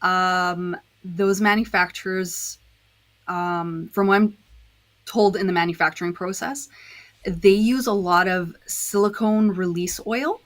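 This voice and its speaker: Woman on a podcast walking through how she dyes discs, lowish voice, lots of ums. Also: fairly even intonation, unhurried. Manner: explains step by step, with frequent fillers. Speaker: podcast guest, disc dyer. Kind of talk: casual chat.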